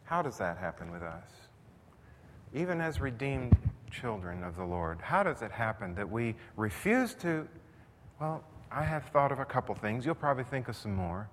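A man's voice: mid-range voice, big pitch swings, normal speed. A man preaching a sermon in a conversational style that builds to intense emphasis. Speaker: pastor. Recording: long reverb, faint noise.

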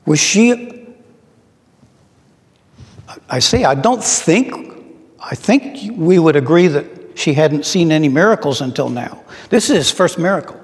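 Male preacher, middle-aged, unhurried and thoughtful, fairly high voice, long hall reverb. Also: lively intonation. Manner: slow, reflective, with rhetorical questions. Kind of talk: sermon.

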